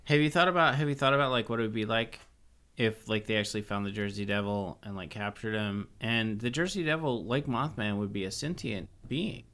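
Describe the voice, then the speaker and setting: A man's voice: lowish voice, a little fast, a bit bright. A man co-hosting a podcast, chatting casually in a rambling, jokey way and swearing freely. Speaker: podcast co-host. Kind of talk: casual chat.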